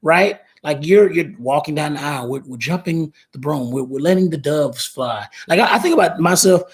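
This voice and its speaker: A man's voice: on the high side, animated, normal speed, slightly rough. A man in his thirties hosting a casual live stream, talking in a rambling way, repeating words and reading viewer comments aloud. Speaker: live show host.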